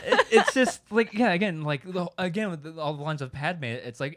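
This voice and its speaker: A man's voice: a little high, sing-song, normal speed, few pauses, fairly bright tone. A man co-hosting a casual fan podcast, talking in a rambling way with many restarts and fillers. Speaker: podcast co-host. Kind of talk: casual chat.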